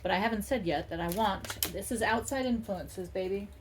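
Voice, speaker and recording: A woman's voice: medium pitch, moderate pace, noisy background. A woman doing a casual tarot reading, talking in a playful, rambling and self-mocking way. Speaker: tarot reader.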